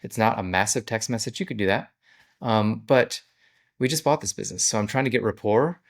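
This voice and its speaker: Low-voiced man explaining his business. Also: brisk. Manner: conversational, walks through steps plainly. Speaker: business owner. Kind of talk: casual business vlog explanation.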